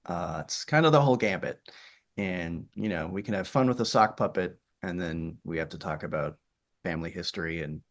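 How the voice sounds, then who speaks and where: Middle-aged guy w a faint yooper accent, lowish voice, rambly chatty interview talk, lots of uhs. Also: a little fast. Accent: faint Upper Peninsula Michigan. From Upper Peninsula of Michigan. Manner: chatty, anecdotal, many fillers and restarts. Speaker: theater director. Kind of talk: interview conversation.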